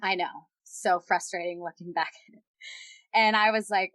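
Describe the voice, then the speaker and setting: A woman's voice: fairly low pitch, fairly even intonation, moderate pace, fairly bright tone, dry recording, dull audio. A young woman guest on a podcast, candidly retelling a personal story with lots of quoted dialogue.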